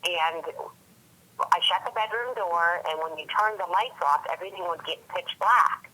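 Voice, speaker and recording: Bright-voiced woman telling a halting story. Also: on the low side, slightly rough, poor audio. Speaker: interviewee recalling a family story. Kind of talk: personal recollection.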